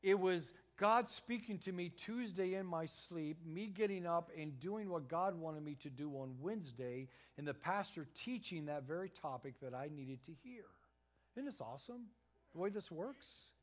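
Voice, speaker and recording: A middle-aged man preaching a sermon as pastor, earnest and emphatic, swelling louder at key points and stumbling into quick restarts. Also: fairly high pitch, expressive.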